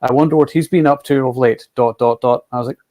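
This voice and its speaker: A man in his forties, co-hosting a casual movie chat, speaking in a measured, hesitant way with plenty of fillers. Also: medium pitch, fairly even intonation, mellow. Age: 40s. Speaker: co-host of a movie podcast.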